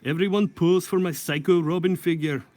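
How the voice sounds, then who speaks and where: A man's voice: medium pitch, little pitch movement, normal speed, a bit bright, lightly acted. A man putting on a Scottish voice for a jokey quote from a male artist. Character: Scottish man artist posing drunk friends.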